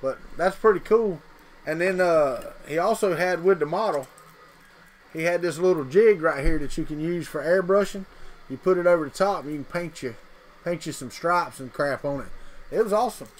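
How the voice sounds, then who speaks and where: A man's voice: a little high, moderate pace, poor audio. A man with a Southern US accent, hosting a casual livestream and chatting folksily with viewers as he reads their comments. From Mississippi. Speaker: livestream host.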